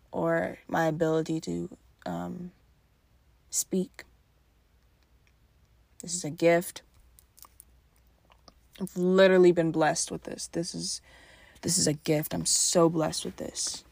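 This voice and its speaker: Tired young woman hosting a solo podcast, calm and soft-spoken, gravelly fry, close and dry sound. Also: fairly low pitch, dry recording. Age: young adult. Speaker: podcast host. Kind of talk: casual solo podcast monologue. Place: at home late at night.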